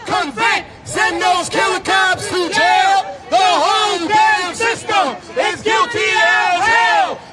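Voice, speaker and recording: Guy leading chants at a march, yelling, high voice, crowd everywhere. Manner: shouted call-and-response chanting. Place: outdoor city street march. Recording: live street feed amid crowd noise.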